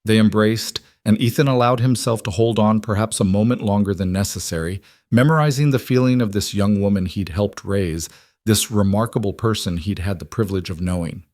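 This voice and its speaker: A man reading a frontier story aloud as a scripted audiobook narration, steady and measured. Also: lowish voice, no echo, studio quality.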